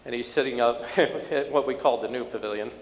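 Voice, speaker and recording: A man telling a story in a sermon, moving from low-key storytelling to impassioned preaching. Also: fairly quick. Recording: echoey hall.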